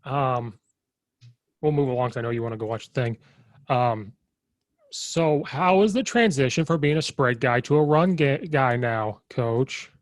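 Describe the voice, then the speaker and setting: A man's voice: medium pitch, expressive, unhurried, dry recording. Easygoing man hosting a coaching podcast. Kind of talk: casual podcast chat. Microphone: remote call.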